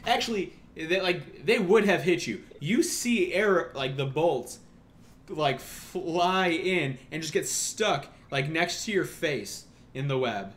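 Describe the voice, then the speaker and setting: A man's voice: a little high, lively intonation, slow pace, fairly bright tone. A man running a tabletop role-playing game as game master, casual and hesitant, with frequent ums.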